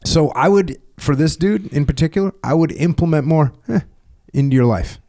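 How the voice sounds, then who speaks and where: A man's voice: a little high, animated, dark tone. Blunt man chatting on a podcast. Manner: blunt, conversational, drawn-out dismissive grunts. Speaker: podcast host. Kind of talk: casual podcast chat.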